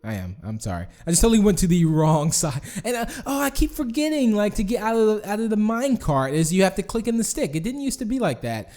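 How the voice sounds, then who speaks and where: A man's voice: high-pitched, very animated, fast, hardly any pauses, dark tone. A man hosting a casual game tour, rambling and self-deprecating, laughing often and restarting his sentences. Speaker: gaming channel host touring community builds.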